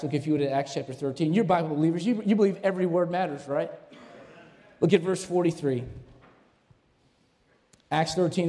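A man delivers a sermon from the pulpit, his voice pitched high for a man. He preaches animatedly, throwing questions at the congregation and climbing to shouts. A long reverb from the hall trails each phrase. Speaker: pastor. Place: church sanctuary.

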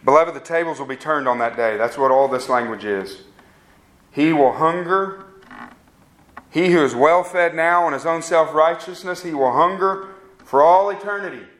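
Male preacher with a fairly high voice, delivering an earnest, pleading sermon. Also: normal speed, fairly bright tone. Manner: pleading, earnest appeals with rising questions.

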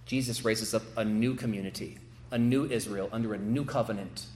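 A man's voice: on the low side, a little mellow, a little hiss or hum. Emphatic preaching man, echoey room. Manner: preaching with emphatic swells and slowed, stressed phrases. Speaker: pastor. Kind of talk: expository sermon.

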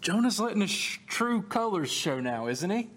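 A male pastor delivers a sermon in a conversational, storytelling way, adding lively, humorous asides. His voice sits a little high for a man, and his delivery swings between lively retelling and slower, more emphatic moments.

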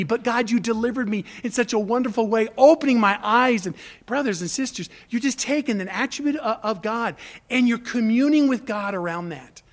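A man's voice: very high-pitched, fairly bright tone. A middle-aged male pastor delivering a sermon, building emphasis through repeated phrases and rising intensity. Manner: preaching with swelling emphasis and repetition.

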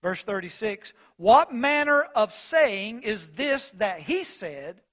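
High-voiced preacher, man. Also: very animated, slow pace, faint music behind. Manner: earnest, building to loud proclamation; reads scripture in old-fashioned wording. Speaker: pastor. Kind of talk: expository sermon.

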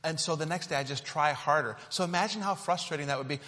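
A man's voice: a little high, fast, hardly any pauses, sharp tone, big-room sound. A man preaching a sermon built around a hands-on object lesson, talking in a conversational, playful and demonstrative way.

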